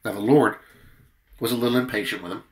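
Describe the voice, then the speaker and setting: A worn-out man giving an earnest daily devotional sermon and reading scripture aloud, his loudness swelling and dropping for emphasis. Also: fairly low pitch, quick pace. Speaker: preacher leading a daily prayer.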